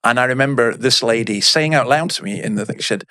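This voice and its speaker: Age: middle-aged. Sex: man. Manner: blunt, emphatic storyteller. Pitch: mid. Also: fast talker, pushed and bright, dry recording, clean studio sound. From Scotland. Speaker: minister, podcast guest. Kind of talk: storytelling in a podcast interview.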